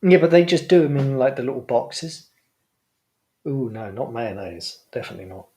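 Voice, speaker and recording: A man's voice: medium pitch, normal speed, a little mellow, husky. A man co-hosting a casual opinion podcast, fussy and emphatic as he rants about his likes and dislikes. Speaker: podcast co-host.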